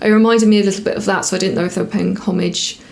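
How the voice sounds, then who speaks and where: A woman in a relaxed vlog review, speaking at a middle pitch. She rambles and corrects herself as she goes, with plenty of small fillers. It comes across as easy, unscripted chat straight to the viewer. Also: very fast, vocal fry, faint music behind. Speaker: TV episode reviewer. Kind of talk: casual review to camera.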